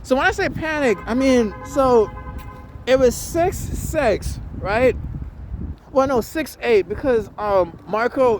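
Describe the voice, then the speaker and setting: A man's voice: very high-pitched, a little hiss or hum. A man giving a casual, rambling recap of a tournament, full of slang, swearing, ums and restarted sentences. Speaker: vlogger reviewing a jiu-jitsu tournament.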